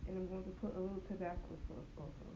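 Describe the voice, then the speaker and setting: A woman's voice: lowish voice, steady tone, quick pace. A woman vlogging her day in her kitchen, chatting to viewers as she cooks, with a stuffy nose. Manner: chatty, addresses viewers as you guys. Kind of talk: casual day-in-the-life vlog. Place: home kitchen. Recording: dull lo-fi home video with clear background noise.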